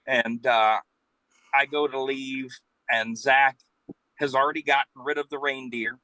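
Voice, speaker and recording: A man's voice: mid-range voice, unhurried, no room sound, rough recording. A man, rambling through an anecdote and acting out the quotes. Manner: rambling, animated storytelling with acted-out quotes. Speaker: guest storyteller, professional Santa. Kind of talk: casual anecdote telling.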